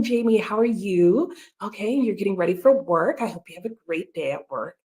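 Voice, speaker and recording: A woman hosting a casual livestream, chatting and laughing as she reads out viewer comments. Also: lowish voice. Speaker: livestream host.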